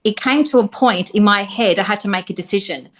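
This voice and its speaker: A woman's voice: medium pitch, fairly quick. Emphatic woman telling stories in an interview. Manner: emphatic, defiant storytelling with acted-out quotes. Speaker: podcast guest, former reality TV contestant. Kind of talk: casual conversational interview.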